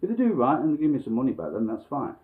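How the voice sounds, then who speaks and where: A man's voice: mid-range voice, wildly swooping pitch, rapid-fire. Man, blunt sweary vlogger, rambling rant, tinny phone-like sound. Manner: blunt, sweary, chuckling storyteller. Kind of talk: casual ranting monologue. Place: at home.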